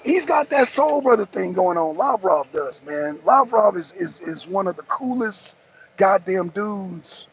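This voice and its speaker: A man's voice: sits high, big pitch swings, measured pace, gravelly. A man hosting a live talk show and ranting profanely in casual, repetitive commentary from his car in traffic. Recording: slightly dull lo-fi audio.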